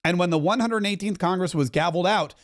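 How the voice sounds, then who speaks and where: A middle-aged man talks over a live broadcast as a podcast host, keeping up a chatty, wry running commentary. His voice sits a little high for a man. He tosses in quick asides as he goes.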